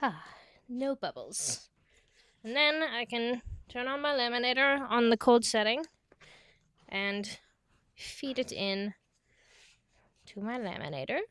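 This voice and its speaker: A young adult American woman vlogs a crafting tutorial, chatty and self-deprecating, slipping into a half-British lilt as she explains and going soft and quiet for careful steps. Her voice is a little high and animated, slow, with frequent pauses.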